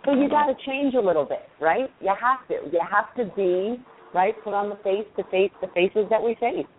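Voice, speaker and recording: A deep-voiced woman with a New York accent makes her points emphatically and insistently. Her voice comes through a tinny, phone-like line. A faint hiss sits beneath it. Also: moderate pace. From Queens, New York. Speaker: recruiting panelist. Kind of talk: casual panel discussion.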